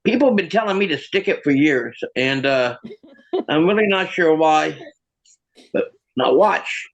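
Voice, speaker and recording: A man's voice: on the high side, lively intonation, unhurried, vocal fry, highs cut off. A man doing stand-up comedy with a bit of magic, telling self-mocking stories in a stammering, restarting way, filmed on his own camera.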